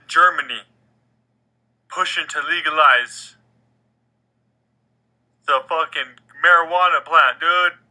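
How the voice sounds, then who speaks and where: Bright-voiced cursing man. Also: on the high side, rough recording. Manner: profane, animated, swings between loud and muttered. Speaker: podcast host. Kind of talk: casual rant.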